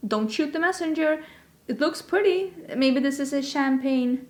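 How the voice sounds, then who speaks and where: A woman's voice: high-pitched, normal speed. A woman hosting a casual beauty vlog, chatty and rambling, with self-deprecating asides. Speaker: beauty vlogger host. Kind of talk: casual chat.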